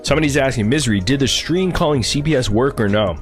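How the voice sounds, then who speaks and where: A man's voice: medium pitch, fast, faint music behind. A man chatting crudely and tauntingly on a livestream. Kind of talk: casual livestream chat.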